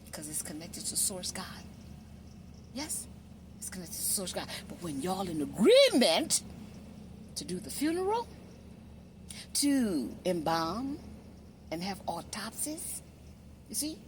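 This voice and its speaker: Woman, emphatic preachy monologue, animated pitch, noisy recording with traffic. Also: slow pace, pauses often. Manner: preachy, repeats "you see?"; emphatic, swings between loud and hushed. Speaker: social media commentator. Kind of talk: impassioned monologue.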